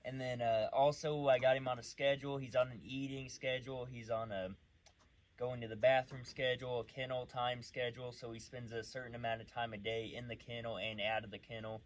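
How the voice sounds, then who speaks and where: A man's voice: mid-range voice, fairly even intonation, fairly quick. A man who trains dogs, talking casually while working a dog outdoors at night, mixing loose explanations with short, firm commands.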